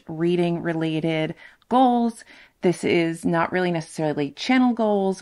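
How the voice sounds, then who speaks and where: A woman's voice: fairly low pitch, a little mellow. Chatty woman vlogging about reading goals. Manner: chatty, self-mocking, emphatic. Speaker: booktuber. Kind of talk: casual to-camera chat. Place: home room with her dog off camera. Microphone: ASMR-style condenser mic.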